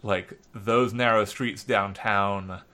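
Man, from Philadelphia, low voice, slow, halting casual chat. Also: steady tone, bright, forceful tone. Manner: halting, many fillers and restarts. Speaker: podcast co-host.

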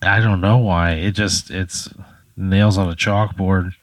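A man co-hosting a podcast, firing off quick, incredulous questions and reactions in casual banter. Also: low-pitched, fairly even intonation, dry recording. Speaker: podcast co-host.

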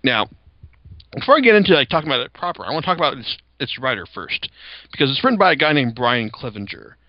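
A man's voice: medium pitch, sing-song, quick pace, dry recording, highs cut off. A young man hosting a podcast, chatting casually about comics with lots of fillers and restarts. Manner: rambling, many fillers and restarts. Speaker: podcast host.

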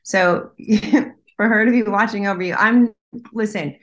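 A woman's voice: mid-range voice, unhurried. Hesitant woman relaying messages. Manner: hesitant, breaks off to listen. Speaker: psychic medium. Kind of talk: casual conversation.

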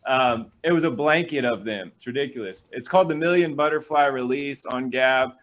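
A man, a pastor, reading scripture aloud and breaking off into energetic, animated stories with quick asides. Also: medium pitch, dull audio. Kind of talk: reading scripture and preaching in a talk show.

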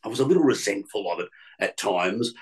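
A man's voice: lowish voice, expressive, fairly quick, darkish tone, slightly rough, poor audio. A middle-aged man, a radio presenter, telling stories from his career in a rambling way, with many restarts and fillers. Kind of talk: casual storytelling interview.

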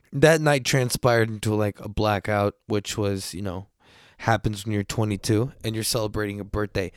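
A man's voice: mid-range voice, dry recording, studio quality. A man past his twenties hosting a podcast, telling a story in a loose, rambling way, full of swearing and asides. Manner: animated when quoting others. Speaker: podcast host. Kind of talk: casual storytelling.

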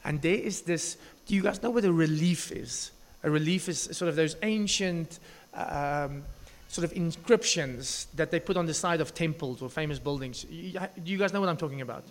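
Animated man preaching. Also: a little high, moderate pace. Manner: storytelling, animated asides, frequent restarts. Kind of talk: sermon. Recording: echoey hall reverb.

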